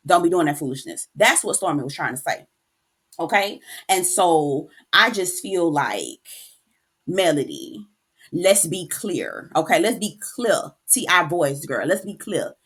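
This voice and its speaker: A woman hosting a reality TV recap, talking in a casual, animated and sassy way, cursing freely and calling the listener "girl". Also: on the low side, unhurried, breathy edge. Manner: profane. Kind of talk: casual opinionated recap rant.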